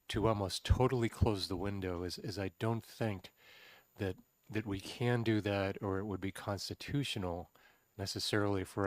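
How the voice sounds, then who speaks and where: A man serving on a legislative committee, speaking in a measured way as he thinks aloud. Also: lowish voice, no echo. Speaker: committee member. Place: state house committee room.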